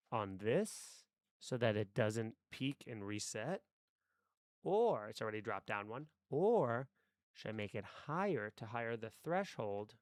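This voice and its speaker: A man's voice: mid-range voice, darkish tone, no echo, clean studio sound. A man chatting casually on a live stream, rambling to his chat while adjusting his microphone settings. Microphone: desk microphone.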